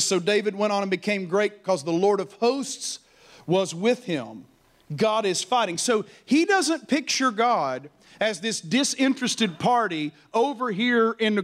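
High-voiced animated male preacher. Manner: animated preaching with call-and-response; mocking stammer and high laughing voices for effect. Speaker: pastor. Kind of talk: sermon.

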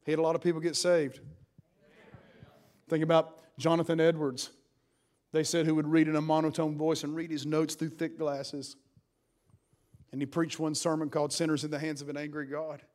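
Fervent preacher man, high voice. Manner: fervent, swings from hushed to loud. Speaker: pastor. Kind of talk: sermon.

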